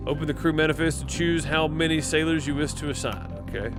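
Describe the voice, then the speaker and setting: A man's voice: a little high, fairly even intonation, fast, few pauses, music in the background. A man hosting a let's play, reading game text aloud and commenting, self-deprecating and stumbling over words. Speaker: gaming channel host.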